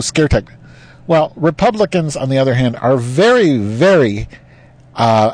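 A man's voice: mid-range voice, darkish tone, no room sound. A man talking to his recorder while he drives, rambling and ranting with lots of swearing. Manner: profane, rambling, heated political ranting. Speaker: vlogger. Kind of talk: driving vlog rant. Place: inside a moving car. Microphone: recording device in the car. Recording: car noise in the background.

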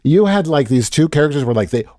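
Eager male co-host, halting, dry close sound. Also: on the high side, animated, darkish tone, dry recording. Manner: enthusiastic, halting, many restarts. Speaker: podcast co-host. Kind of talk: casual chat.

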